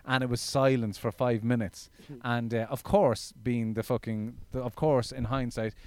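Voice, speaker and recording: An Irish stand-up comedian in his thirties, telling stories in a casual interview, animated and swearing freely. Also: mid-range voice, normal speed, clean tone, no echo. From Ireland. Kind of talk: casual storytelling in a podcast interview.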